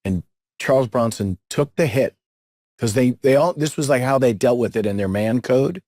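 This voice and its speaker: A middle-aged podcast co-host chats casually, telling jokey, rambling stories and repeating words. His medium-pitched voice is a little mellow at a normal pace, recorded dry with clean studio sound.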